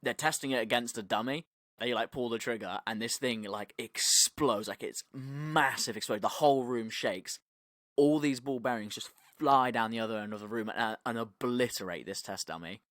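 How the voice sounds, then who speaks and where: A man's voice: medium pitch, normal speed, no echo. Guy on a podcast, telling a wild story, swears a lot, says like constantly, dry sound. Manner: animated storytelling, acting out quotes, swearing, many "like" fillers. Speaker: podcast co-host. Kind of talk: casual podcast chat.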